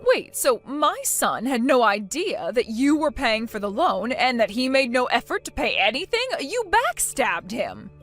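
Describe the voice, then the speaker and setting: A woman's voice: a little high, sing-song, normal speed, few pauses. A woman voicing a bossy mother-in-law. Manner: bossy, demanding. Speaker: story character. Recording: soft music behind.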